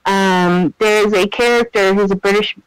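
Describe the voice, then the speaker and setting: High-voiced chatty man telling stories. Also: normal speed, clear, resonant tone, no room sound, poor audio. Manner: chatty, animated storyteller, many fillers and laughs. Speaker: podcast co-host. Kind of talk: casual podcast chat.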